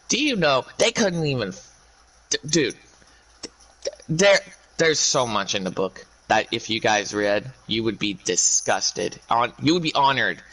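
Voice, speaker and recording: A man speaking to his viewers in a rambling monologue, ranting in a halting way with many restarts. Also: medium pitch, bright, forceful tone, rough recording.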